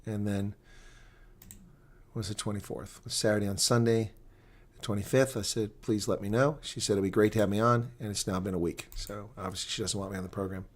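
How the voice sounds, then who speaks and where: A man's voice: fairly low pitch, fairly even intonation, fairly quick. A man chatting casually on a live stream, rambling between viewer comments and rugby talk.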